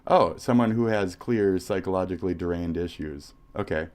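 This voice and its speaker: A man's voice: low voice, moderate pace, a little mellow. A man from the United States, livestreaming, who rants profanely at someone, taunting and repeating his insults. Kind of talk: profane reaction rant.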